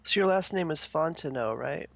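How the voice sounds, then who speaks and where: A playful, chatty co-host welcomes viewers to a live game tour. The voice has a gravelly edge, and the audio sounds dull and lo-fi. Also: medium pitch, lively intonation, moderate pace, no echo. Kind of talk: casual chat on a live stream.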